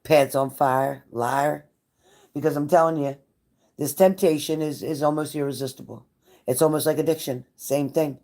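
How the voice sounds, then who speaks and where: With a deep, mellow voice and a steady tone at normal speed, a tarot reader does a live reading for viewers. She's blunt and profane, repeating phrases for emphasis like a pep talk.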